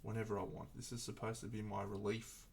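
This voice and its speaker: Male streamer, gravelly voice, casual rambling chat, faint background hiss. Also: on the low side, level tone, fast talker, a little mellow. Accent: Australian. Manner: reflective, rambling, frequent restarts. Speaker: streamer painting miniatures.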